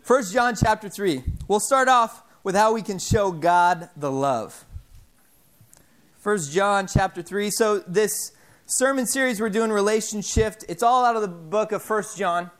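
A man in his thirties giving an informal sermon, telling stories in a halting way with many fillers and restarts. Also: sits high. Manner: animated, self-deprecating storyteller. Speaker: preacher.

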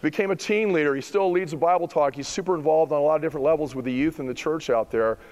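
A middle-aged man preaches a sermon in a fairly high voice, driving home his points with emphatic rhetorical questions. His voice carries a long reverb from a church hall. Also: fast, darkish tone. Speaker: pastor.

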